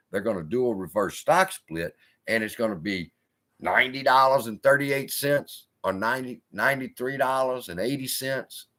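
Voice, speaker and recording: A man's voice: mid-range voice, a bit bright. A man hosting a live investing stream, talking in a blunt, profane, storytelling way. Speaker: investing channel host.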